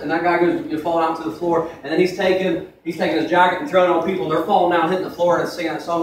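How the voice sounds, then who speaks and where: A man's voice: a little high, steady tone, very fast, hardly any pauses, slight background noise. A young man preaching a sermon in a conversational way, with asides, in a church sanctuary. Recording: echoey room from far off.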